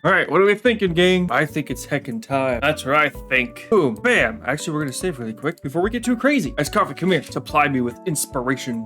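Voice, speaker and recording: Playful young man chatting over music. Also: on the high side. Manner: playful, self-mocking, jokey asides. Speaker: artist drawing on stream. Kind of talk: casual chat while drawing. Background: soft background music.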